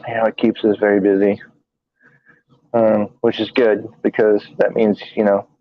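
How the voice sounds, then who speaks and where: Speaking in a low voice, a paranormal investigator co-hosting a live stream chats casually in a sleepy monotone. Running on little sleep, he stumbles over fillers and restarts his sentences. The recording is dry and dull, like lo-fi stream audio.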